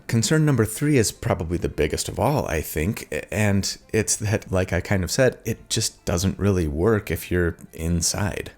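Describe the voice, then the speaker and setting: Male channel host with a deep, low voice; earnest, chatty rules explainer who keeps checking in with listeners. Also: a little mellow. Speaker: host of a tabletop game build channel. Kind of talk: explanatory video talk.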